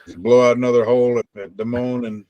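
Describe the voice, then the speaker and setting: A man's voice: medium pitch, flat delivery, fast talker, no echo, dull audio. A man playing a tabletop game, casual and asking practical tactical questions. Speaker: player.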